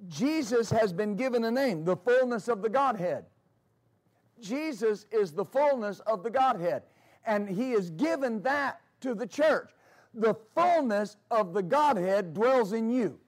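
A man's voice: sits high, lively intonation, unhurried. A man preaching a sermon as pastor, with emphatic repetition and storytelling asides.

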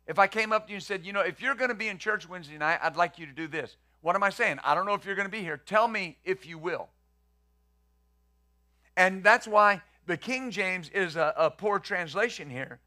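A man's voice: high-pitched, pushed and bright. A male pastor preaching a conversational sermon, acting out the quotes he reads and the questions he poses.

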